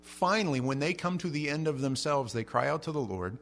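A man preaching an expository sermon, telling the story with animated energy and shouting out the quoted lines. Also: fairly high pitch, a little fast, creaky, faint music behind. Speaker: pastor.

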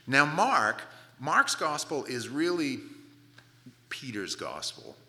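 A man preaching a sermon, retelling a scripture story with lively asides and acted-out moments. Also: mid-range voice, takes it slowly, long reverb tail. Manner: animated storytelling, acts out the scene, casual asides. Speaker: pastor.

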